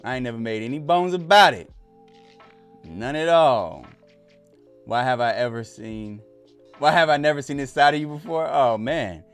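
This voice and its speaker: Male streamer, mid pitch, very expressive, casual and profane, speech. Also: normal speed, long pauses, clear, resonant tone, soft background music. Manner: animated, laughing, swearing, loud whoops. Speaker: live stream host. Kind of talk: casual live reaction stream chat.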